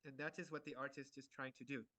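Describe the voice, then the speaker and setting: A man giving an art lecture in short phrases, pausing for an interpreter and filling gaps with many hesitations. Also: mid-range voice, little pitch movement, bright, forceful tone, no echo. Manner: halting, many fillers and restarts.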